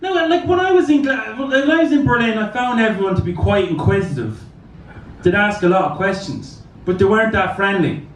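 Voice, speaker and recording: A man's voice: high-pitched, expressive, brisk, reverberant, distant mic, low-quality recording. A man doing a stand-up comedy set in a club, telling crude, rambling stories. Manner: crude, rambling anecdotal delivery.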